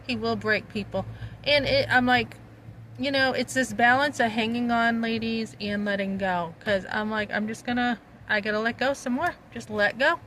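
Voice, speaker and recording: A middle-aged woman vents in a blunt, emphatic vlog, her voice bright and forceful. She talks into a phone out on a street, with faint outdoor noise behind her. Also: fairly high pitch, moderate pace, poor audio. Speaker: vlogger. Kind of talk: casual spoken vlog.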